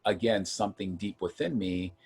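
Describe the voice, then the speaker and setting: A man from Ohio earnestly telling a personal story of hard times in a casual chat, getting animated when he acts out quotes. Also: low-pitched, normal speed, vocal fry, breathy edge. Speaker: guest.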